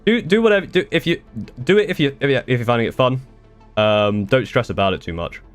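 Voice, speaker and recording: A man's voice: medium pitch, lively intonation, fairly quick, soft background music. A young man chatting casually on a live stream, answering viewer questions in a rambling way with restarts and the odd swear. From United Kingdom.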